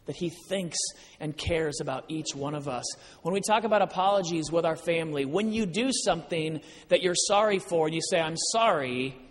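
A man giving a sermon full of personal stories, acting out the dialogue in an animated way. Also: on the high side. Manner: animated storyteller, acts out dialogue. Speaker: guest speaker. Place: large church hall. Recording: church hall with long reverb.

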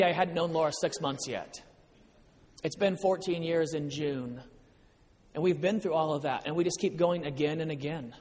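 Man with a high voice giving an earnest personal testimony, long echo of a big hall. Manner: earnest storytelling, moving between excitement and quiet emotion. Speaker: speaker sharing personal testimony. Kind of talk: personal faith testimony to an audience. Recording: long reverb of a large hall.

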